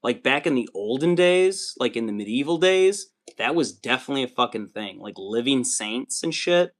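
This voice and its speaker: A man's voice: medium pitch, animated, normal speed. A man hosting a livestream, chatting casually with viewers while building miniatures, rambling and swearing often. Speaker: livestream host.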